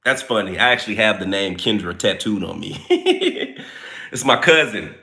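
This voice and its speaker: A man hosting a casual livestream, chatting playfully and greeting viewers by name in relaxed, informal speech. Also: on the low side, moderate pace. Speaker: livestream host greeting chat.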